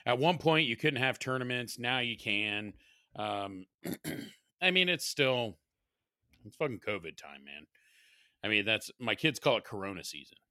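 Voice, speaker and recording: A man's voice: mid-range voice, sing-song, unhurried, sharp tone, no room sound, studio quality. A man in his thirties co-hosting a podcast in casual chat, rambling and swearing, often laughing. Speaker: podcast co-host.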